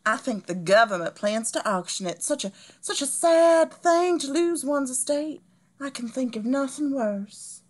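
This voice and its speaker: Eine Frau spielt eine tratschende Südstaaten-Erbin. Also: female voice, high-pitched, expressive, unhurried. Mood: gossipy, gushing. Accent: Southern US. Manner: chatty, affected, gossipy. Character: gossipy, snobbish Southern heiress, woman. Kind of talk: comedic table read.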